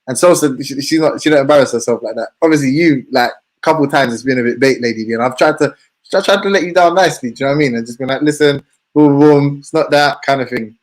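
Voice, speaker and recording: A man's voice: medium pitch, racing. A man in heated casual banter, protesting and repeating himself.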